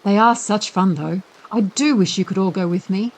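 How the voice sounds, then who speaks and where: A woman's voice: mid-range voice, brisk, a little mellow, close to an everyday voice, low-quality recording. A woman voicing a brave schoolboy who puts on a resolute, falsely jolly manner. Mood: forced cheer. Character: brave cheerful schoolboy hero.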